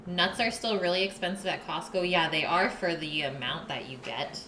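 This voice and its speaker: A woman's voice: lowish voice, moderate pace, echoey room, noisy background. A woman hosting a live cooking stream, chatting casually with her viewers and her partner while she cooks. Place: home kitchen.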